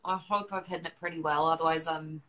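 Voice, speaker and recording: A woman's voice: low-pitched, fairly even intonation, fast, a crowd in the background, rough recording. A woman with a New Zealand accent, chatting as a guest on a live video call, self-deprecating and given to trailing off mid-sentence. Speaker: guest actor. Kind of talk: casual chat on a live video stream. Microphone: video call on a phone or laptop.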